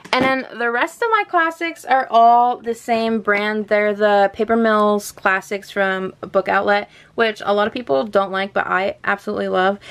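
Standing by her bookshelf at home, a young woman gushes in a chatty book vlog, laughing frequently as she shows her collection. Her voice is medium in pitch, with vocal fry.

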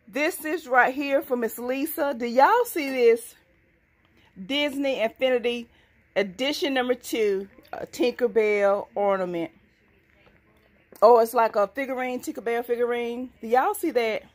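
A woman chatting excitedly to her viewers in a casual vlog, at times speaking from farther off the mic. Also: on the high side, a little slow. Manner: excitable, addresses viewers as y'all. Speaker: couponing vlogger. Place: inside a store, then at home.

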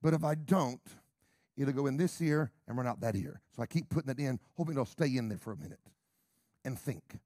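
A middle-aged man preaching a sermon with emphatic repeated questions, dropping to whispers and rising to loud calls. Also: mid-range voice, lively intonation, a little fast, no room sound, clean studio sound.

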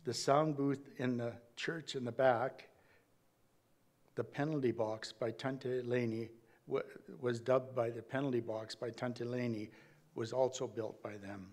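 Man reading a measured eulogy. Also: mid-range voice, fairly even intonation, darkish tone. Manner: measured, reading aloud with small slips and restarts. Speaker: family member giving a eulogy. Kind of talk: eulogy read from notes. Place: church.

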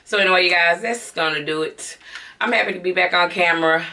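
A woman's voice: lowish voice, fast talker, bright, forceful tone, recorded from a distance, a little hiss or hum. A middle-aged woman with a Southern American accent, chatting casually to her viewers in a home beauty haul vlog. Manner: chatty, talks straight to viewers as y'all. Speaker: beauty vlogger.

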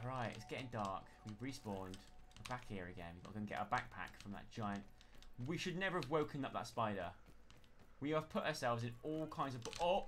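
A man with a West Country accent giving live, chatty commentary as he plays a game, narrating every move and breaking into panicked yells when things go wrong. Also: mid-range voice. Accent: West Country English. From West Country of England. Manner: chatty self-narration, bursts into panicked yelling. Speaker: game streamer. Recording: steady background noise under the voice.

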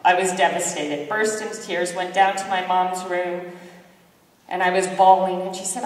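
A middle-aged woman giving a keynote talk, telling a story in an animated, self-mocking way and acting out the voices of others. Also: on the low side, normal speed. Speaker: keynote speaker. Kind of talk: lively storytelling speech. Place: large sports hall. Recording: echoey hall from far off.

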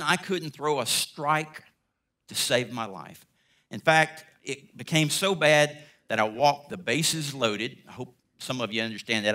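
A middle-aged man speaks as a guest preacher, telling a personal story from the pulpit. His voice is bright and ringing. He acts out each person's lines as he goes. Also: fairly high pitch. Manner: animated storyteller, acts out dialogue. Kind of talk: sermon storytelling.

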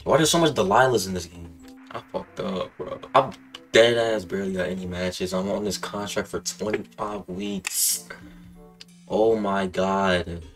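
A young man with a fairly low voice rambles through a wrestling game, swearing freely and tacking "bro" onto nearly every line. His casual commentary swings from laid-back muttering to excited outbursts, with faint music playing underneath. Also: unhurried. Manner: excitable, profane, rambling, says "bro" constantly. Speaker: gaming channel host.

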